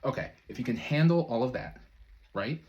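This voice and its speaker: A man's voice: medium pitch, normal speed, a little mellow, dull audio. A man speaking as a manifestation coach in a loose, conversational way, full of fillers and brief chuckles. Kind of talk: casual motivational talk to camera.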